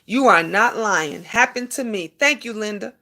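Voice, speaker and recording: A woman hosts a casual live stream, preaching to her viewers in a mid-range voice that sounds animated, pushed, and bright at a normal speed. She repeats herself for emphasis, calls her listeners honey, and thanks commenters by name.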